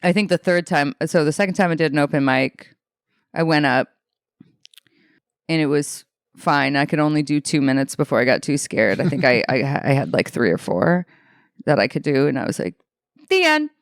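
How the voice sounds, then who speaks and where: In a low-pitched voice at normal speed, this young Alaskan comedian chats as an interview guest, spinning casual stories full of swearing. She's lively and mimics other people's quotes in different voices. The sound is echo-free and studio quality.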